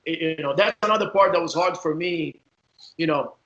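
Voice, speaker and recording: A man's voice: a little high, a little fast, bright, forceful tone, muffled recording. A man with a Brazilian accent, a former player now coaching, telling locker-room stories in a loose, laughing, chatty way. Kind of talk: casual storytelling.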